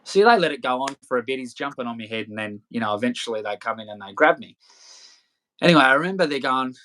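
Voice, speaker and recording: Fast, bright and forceful, this medium-pitched, expressive voice belongs to a young Australian man who is a guest on a podcast. He recounts his story casually and bluntly, swearing heavily and packing in fillers.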